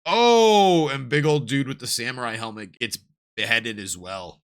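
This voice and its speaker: A man hosting a casual manga reaction, reading aloud, who gets excited and swears freely. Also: medium pitch, measured pace, clean tone. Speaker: reaction host.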